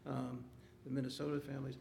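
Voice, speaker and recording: A man moderating an author talk, asking halting, self-deprecating questions with many restarts. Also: mid-range voice, level tone, vocal fry, warm tone, a little hiss or hum. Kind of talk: interview questions.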